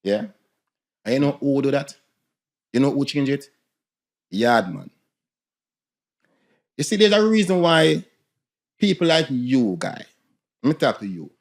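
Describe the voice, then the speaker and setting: A man's voice: mid-range voice, sing-song, measured pace, creaky, pauses often. A man, talking emphatically in a heated casual discussion, using patois phrasing.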